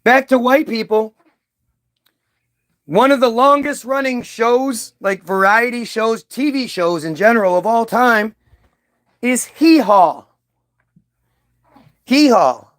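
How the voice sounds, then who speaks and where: Unhurried and a bit bright, his voice sits at an extremely high pitch. The adult video commentator, old enough to recall early-2000s hits, rambles through a heated, profane monologue to camera, repeatedly restarting and drifting into trailing asides.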